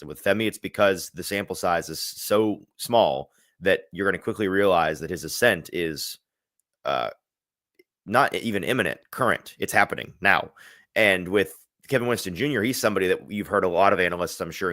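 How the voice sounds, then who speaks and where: A man's voice: low voice, fairly bright tone, no room sound, clean studio sound. A man hosting a sports podcast, talking through football analysis in a thoughtful, rambling way with frequent restarts.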